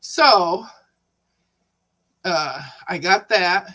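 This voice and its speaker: Bright-voiced woman host, slow easygoing delivery, casual live-stream storyteller. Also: fairly low pitch, rough recording. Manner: chatty, laughs often while telling stories. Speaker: livestream host.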